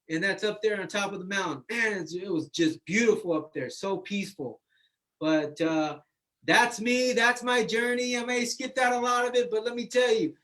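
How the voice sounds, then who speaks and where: A man's voice: high-pitched, fairly bright tone. A man sharing his life story in casual testimony, exuberant, calling out friends and saying "man" constantly.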